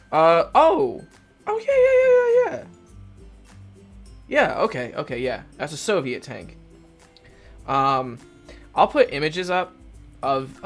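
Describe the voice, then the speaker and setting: A man narrating a game in casual let's play style, rambling loosely and swearing freely. He sounds self-mocking and offhand, at an average pitch. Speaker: gaming video host.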